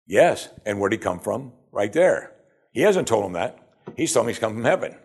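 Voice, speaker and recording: A man preaching a sermon with a husky, slightly breathy voice. His pitch rises and falls freely as he explains scripture in a chatty, conversational way, and he slips into the voices of the people he quotes. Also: sing-song, moderate pace, darkish tone. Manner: conversational, acts out quoted speakers.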